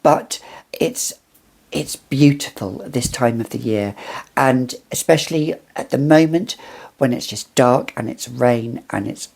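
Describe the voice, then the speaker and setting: A British woman with a strikingly low voice, enthusing over perfumes in a casual vlog. She talks at a leisurely pace, gushing and circling back on her words as she goes. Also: measured pace, creaky, a little mellow. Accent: British English. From United Kingdom. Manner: gushing, enthusiastic, rambling with restarts. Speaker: fragrance reviewer.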